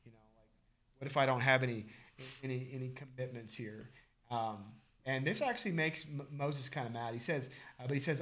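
A man's voice: mid-range voice, fairly quick, a bit bright. A man co-hosting a casual Bible discussion, acting out quoted dialogue with animation. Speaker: podcast co-host.

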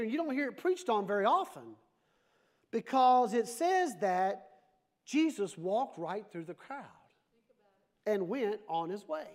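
A man preaching a sermon as pastor, animated, with playful asides to the congregation. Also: extremely high pitch.

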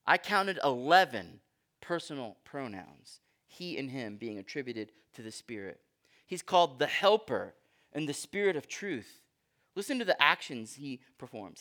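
Man, pastor, high voice, preaching a sermon, teacherly, reads scripture with emphasis. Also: big pitch swings, normal speed, a bit bright. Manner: engaging, teacherly, asks the congregation questions.

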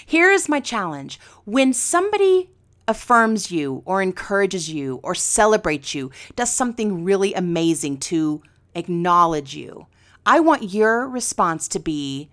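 A woman speaking as a life coach on a talk show. Her pitch swings in a lively way as she talks, and she is earnest and encouraging, pressing listeners with a challenge. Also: unhurried. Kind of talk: radio talk show chat.

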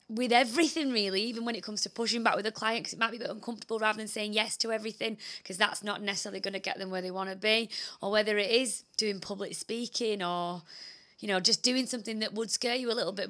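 A woman's voice: mid-range voice, sharp tone. A young woman co-hosting a casual business podcast, talking chattily with frequent laughs and mild swearing. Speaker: podcast co-host, recruitment business owner.

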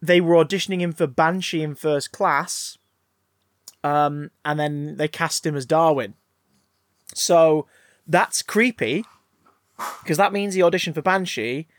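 A man's voice: a little high, a little slow, long pauses. A man chatting casually about a film, enthusiastic and swearing freely. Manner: enthusiastic, swearing, laughs often. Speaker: podcast co-host.

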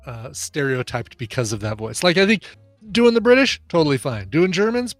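A man co-hosting a podcast in casual banter, chatty and quick to agree and laugh. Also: on the high side, big pitch swings, no echo, faint music behind. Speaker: podcast co-host.

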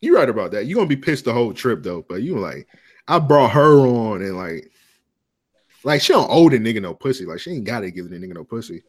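A man's voice: fairly low pitch, sing-song, fairly quick, darkish tone, breathy edge. A man co-hosting a podcast, telling stories in loose slangy casual banter and laughing often. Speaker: podcast co-host.

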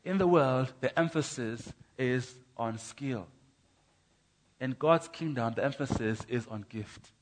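A man's voice: mid-range voice, takes it slowly. A man preaching his testimony in a church, emphatic, with rhythmic contrasts and stammering repeats. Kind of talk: sermon.

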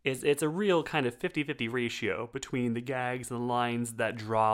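Smooth-voiced male film review co-host. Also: medium pitch, steady tone, normal speed. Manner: wry, storytelling, full of fillers. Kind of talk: casual film review chat.

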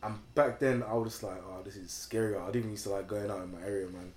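A young man from England with a London accent tells stories in a casual chat, packed with slang and fillers. His voice is lowish, steady, and a little mellow, and he talks fast. The room is echoey, with faint noise in the background.

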